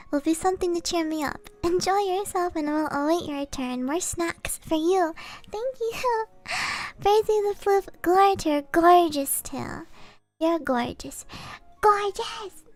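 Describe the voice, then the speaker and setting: A woman streamer chatting softly on a live stream, giggling often as she reads viewer messages aloud. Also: high-pitched. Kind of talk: soft-spoken live stream chat.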